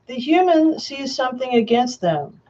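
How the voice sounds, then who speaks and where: A woman reading a prepared statement aloud, slowly and emphatically. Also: high voice, very animated, mellow, dull audio. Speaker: self-proclaimed Antichrist answering questions.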